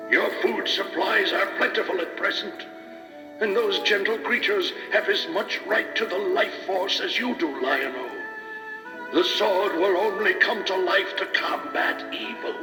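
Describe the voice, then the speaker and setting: A man's voice: high voice, animated, slow pace, music in the background, voice pushed up, heavily acted. A man doing a ghostly old chief, stern and echoing. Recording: echoey distant reverb.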